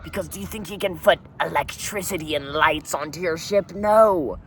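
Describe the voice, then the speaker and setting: A man's voice: a little high, brisk, a bit bright, slight background noise. A man hosting a comedy show in character as a pirate, rambling through rants and calling everyone "matey". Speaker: podcast host. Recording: voice a bit distant from the mic.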